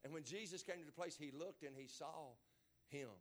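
A man preaching a sermon in a church, emphatic, dropping to low murmurs and then rising to shouted exclamations. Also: moderate pace.

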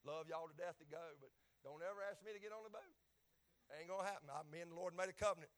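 A middle-aged man with an Appalachian accent preaching a sermon in a folksy way, dropping to quiet asides and building up to shouted peaks. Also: on the high side, fast talker. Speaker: pastor.

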